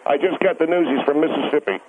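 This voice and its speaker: A man's voice: fairly high pitch, fast talker. A man calling in to a radio show, ranting in a rambling, insistent way, stumbling over words and repeating himself. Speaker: radio caller. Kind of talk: rambling phone-in rant. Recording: tinny phone line with faint hiss.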